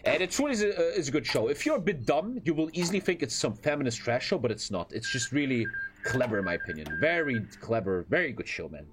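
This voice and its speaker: A man's voice: mid-range voice, sing-song, fast, few pauses, background noise. A young man streaming a strategy game, chatting loosely to his viewers in a rambling, profane way. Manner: rambling, profane, with filler phrases. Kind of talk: casual livestream chat while gaming.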